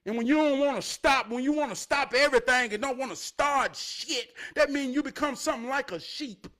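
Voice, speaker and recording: Very high-voiced man preaching streetwise motivation. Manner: streetwise, profane, building to shouted emphasis; repeats phrases for effect, drawn-out delivery. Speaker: motivational speaker.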